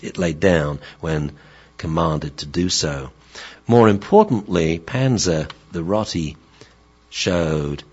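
A dog trainer talks in a low, husky voice that rises and falls with lively expression. He tells stories and acts out the people and pets in them. The recording is slightly dull and lo-fi. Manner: animated storytelling, acting out the people and pets in his stories. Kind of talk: lecture-style talk.

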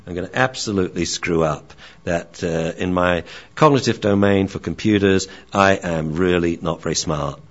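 A man teaching dog training in a lecture, animated and acting out barks and dialogue. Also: sits low, normal speed. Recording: dull lo-fi recording.

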